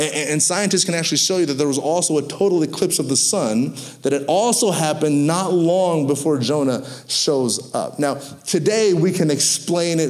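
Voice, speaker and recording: A man preaching a sermon, telling stories with lively acted-out quotes. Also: fairly high pitch. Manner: animated storytelling with acted-out quotes. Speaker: pastor.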